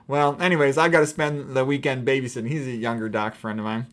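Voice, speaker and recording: Fast-talking, wry middle-aged man. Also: medium pitch. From Chicago. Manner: rambling, wry and frank. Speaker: doctor. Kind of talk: casual personal monologue.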